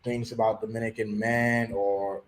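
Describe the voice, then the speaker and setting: A man hosting a casual chat, telling stories in an animated way and dropping Spanish words into his talk. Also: fairly low pitch, a little slow. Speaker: host. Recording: roomy echo.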